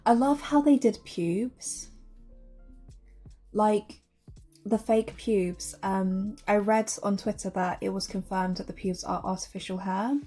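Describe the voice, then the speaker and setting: A woman's voice: mid-range voice, slow, mellow, faint music behind. A young woman vlogger chatting casually and gushing over runway looks, full of fillers. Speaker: fashion vlogger.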